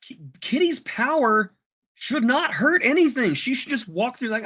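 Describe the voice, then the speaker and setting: A man's voice: high-pitched, big pitch swings, normal speed, sharp tone, a little hiss or hum. A man co-hosting a casual podcast, sarcastic, often acting out characters as he talks. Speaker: podcast co-host.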